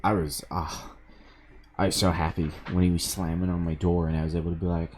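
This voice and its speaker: A man's voice: low voice, flat delivery, fairly quick, darkish tone, slight background noise. A male streamer casually telling a story while gaming, profane, sardonic and amused.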